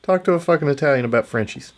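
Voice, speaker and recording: A man's voice: fairly high pitch, lively intonation, racing. Man, young, foul-mouthed podcast co-host, rambling mock-rants. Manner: profane, rambling, mock-ranting. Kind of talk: casual podcast banter.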